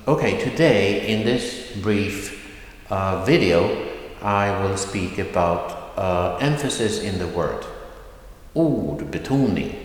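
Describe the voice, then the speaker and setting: A man teaching a recorded video lesson, slowly repeating words so students can hear how they are pronounced. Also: deep voice, very echoey, big-room sound. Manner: slow, deliberate, repeats words for pronunciation. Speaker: language teacher. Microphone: whiteboard in hand, camera at a distance.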